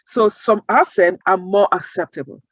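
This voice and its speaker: A woman speaking as an interview guest, earnest and emphatic, building her points with rhetorical questions in measured phrases. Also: mid-range voice, husky, no room sound, low-quality recording. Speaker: guest, accent-bias advocate. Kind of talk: interview answers.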